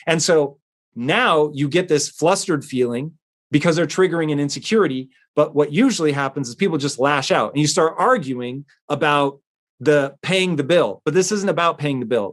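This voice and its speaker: Earnest man talking casually. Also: a little high. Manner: conversational, with frequent fillers and restarts. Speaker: host answering a listener letter. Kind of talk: casual podcast talk.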